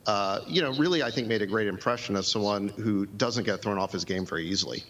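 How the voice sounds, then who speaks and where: A man's voice: lowish voice, quick pace, fairly bright tone. A man commenting in a news clip, recalling events in a hesitant, approving way.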